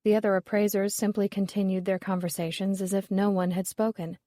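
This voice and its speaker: A female audiobook narrator reads a scripted mystery in a steady, measured storytelling style. Her voice sits in the mid-range, and the studio-quality recording has no room sound.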